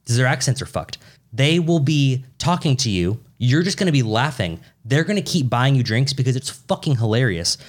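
A man's voice: medium pitch, very animated, normal speed. A man in casual chat as a podcast co-host, swearing a lot and joking rowdily. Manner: profane, rowdy and joking.

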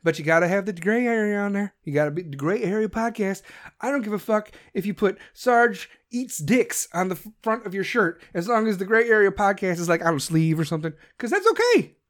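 A man's voice: high voice, a little fast, fairly bright tone. A man hosting his own podcast, talking in a brash, profane, ranting monologue. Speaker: podcast host. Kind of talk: casual solo podcast monologue.

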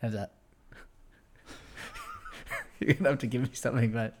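Young Aussie male podcast host, casual, giggly, mid pitch. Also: wildly swooping pitch, moderate pace, a little hiss or hum. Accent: Australian. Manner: laughs often, joking and loose. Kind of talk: casual chat.

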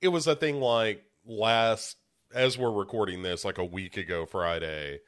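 A young podcast co-host, a little congested, chats casually, rambling, poking fun at himself and restarting often. His voice is fairly low and fairly bright, and he's unhurried.

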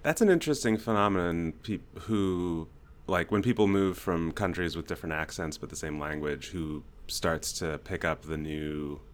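A man from New Jersey talks in a very low voice as co-host of a casual podcast chat. He rambles, restarting sentences and leaning on filler words. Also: moderate pace, few pauses.

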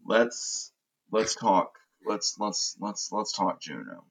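A man with a deep, husky voice hosts a laid-back movie podcast. He rambles with eager opinions and often restarts his sentences mid-thought. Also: very animated, takes it slowly, low-quality recording. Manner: opinionated and enthusiastic, frequent restarts. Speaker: podcast host. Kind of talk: casual podcast movie chat.

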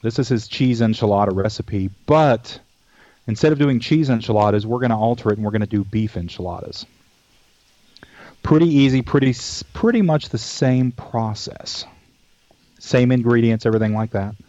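A man's voice: mid-range voice, moderate pace, dark tone, dry recording. A man hosting a cooking show, chatting casually in a folksy, rambling way and telling jokes along the way. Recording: dull dry lo-fi recording.

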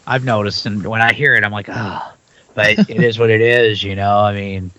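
A man's voice: lowish voice, fairly quick, lo-fi sound. Man with a slight Southern twang. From Southern Illinois. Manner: animated, swears, acts out quotes. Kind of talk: casual podcast chat.

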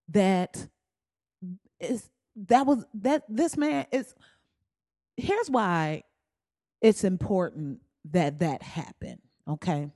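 A woman's voice: takes it slowly, long pauses, dry recording. Woman podcast host, comedic and profane, dry close-mic sound. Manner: blunt, profane and animated, with swings into high exclaiming.

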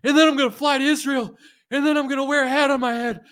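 A man doing a mocking impression of a manic male foreign president rattling off plans in a breathless, rushed list. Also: very high voice, steady tone, a bit bright, pitched above the performer's own voice.

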